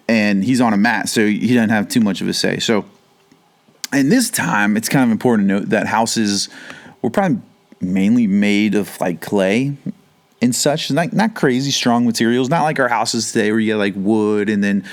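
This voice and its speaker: A male pastor giving a relaxed, conversational Bible teaching from his home basement. His voice sits on the lower side, and his talk wanders into chatty asides and self-corrections. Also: normal speed. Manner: rambling, chatty, with frequent asides.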